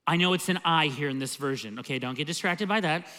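A man's voice: a little high, quick pace, bright, forceful tone. A male pastor preaching a sermon in a church, emphatic and conversational, often opening with "See.".

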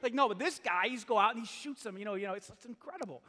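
A man's voice: high voice, quick pace, bright, forceful tone. A male pastor preaching a sermon, telling self-deprecating stories in a chatty way with laughs. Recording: hall reverb.

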